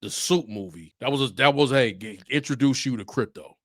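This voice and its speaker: A man co-hosting a casual chat, eager and quick to chime in. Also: medium pitch, a bit bright, no echo, studio quality. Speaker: podcast co-host.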